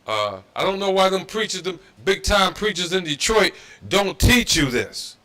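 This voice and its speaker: A man's voice: sits high, big pitch swings, moderate pace, sharp tone. A man teaching a religious history class in a preaching style, emphatic and repetitive, with mocking asides. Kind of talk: preaching-style scripture lecture. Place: Detroit.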